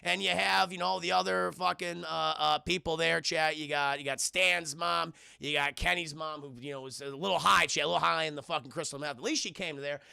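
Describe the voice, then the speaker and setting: A man in his thirties doing a live spoiler film review, talking to his viewers in an animated, profane way. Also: fairly high pitch, fairly quick, gravelly, few pauses, clean tone, dry recording, studio quality. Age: 30s. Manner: animated, profane, laughs while retelling.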